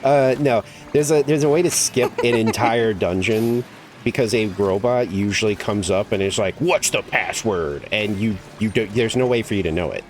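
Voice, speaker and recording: Over music, a man streaming a game talks at a moderate pace with few pauses in a voice on the low side. His casual, rambling chat is packed with "like" and easy swearing.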